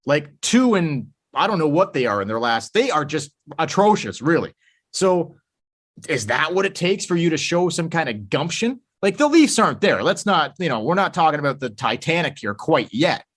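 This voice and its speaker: A man's voice: fairly high pitch, moderate pace, husky. A man co-hosting a podcast, chatting casually and ranting with a lot of swearing. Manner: profane, ranting, animated. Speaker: podcast co-host. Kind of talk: casual sports chat.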